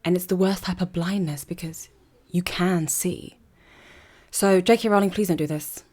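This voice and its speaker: A woman's voice: on the low side, steady tone, moderate pace, a little mellow. A young woman giving an earnest, conversational opinion monologue to camera, often asking rhetorical questions. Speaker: vlogger.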